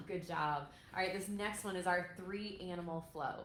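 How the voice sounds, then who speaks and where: A woman's voice: on the low side, moderate pace, hardly any pauses. A woman yoga instructor in her thirties, guiding a parent-and-child stretch class with upbeat, encouraging cues. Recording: echoey room with faint noise.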